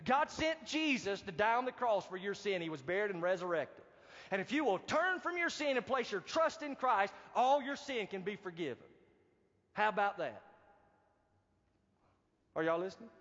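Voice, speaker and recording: A man preaching a sermon as pastor, animated and calling out to the congregation for responses. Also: high-pitched, normal speed. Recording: dull, reverberant hall recording.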